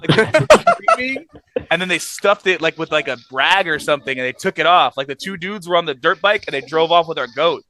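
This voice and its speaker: A man, a former Navy corpsman, telling war stories in casual chat, animated and laughing as he acts out voices. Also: fairly high pitch, a little fast, shouting, slight background noise.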